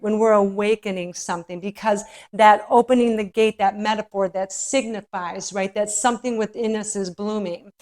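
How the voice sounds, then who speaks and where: A woman leading a guided yoga class, soothing and encouraging, a little out of breath as she demonstrates poses. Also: medium pitch. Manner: soothing, encouraging, spiritual phrasing with frequent "right?". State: slightly out of breath. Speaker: yoga instructor.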